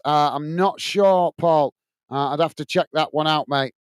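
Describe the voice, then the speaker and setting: At a moderate pace, a British man with a slightly high, clean voice runs a live football watch-along. He commentates, chats with viewers he often calls mate, and fills gaps with lots of fillers; there's no room sound.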